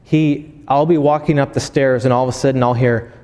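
A man, a pastor, preaching a sermon as animated storytelling and acting out voices. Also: medium pitch, fairly quick, big-room sound, noisy background.

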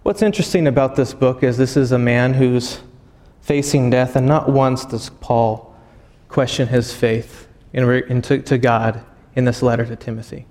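A man preaching a sermon. He tells a long story, halting and often repeating words as he goes. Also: medium pitch, steady tone, darkish tone. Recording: long hall reverb.

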